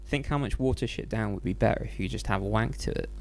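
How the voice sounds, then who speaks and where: A man's voice: fairly low pitch, fast talker, vocal fry, slight background noise. A young English man hosting a podcast, cracking dry, crude jokes in casual chat. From England. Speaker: podcast host.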